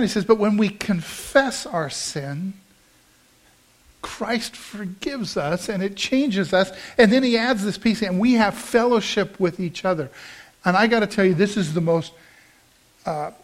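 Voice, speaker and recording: A middle-aged male pastor preaching a sermon, telling a story in a conversational way with emphatic rises. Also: high-pitched.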